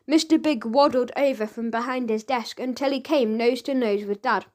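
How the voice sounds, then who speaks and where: A woman narrating a children's audiobook in a lively, expressive storytelling manner. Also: fairly high pitch, moderate pace, hardly any pauses.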